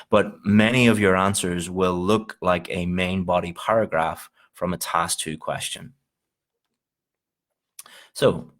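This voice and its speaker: A man with a very low voice delivers an exam-preparation lecture. He keeps it informal and encouraging, with casual asides and an easy laugh now and then. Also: a bit bright. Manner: informal and encouraging, with frequent "you know" and small laughs. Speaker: IELTS teacher. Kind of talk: recorded lecture.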